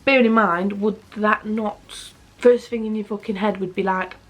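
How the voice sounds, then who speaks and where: A woman's voice: mid-range voice, steady tone, moderate pace. A young woman reviewing a book to camera at home, in a blunt, chatty way with constant swearing. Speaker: book vlogger. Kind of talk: casual book review chat.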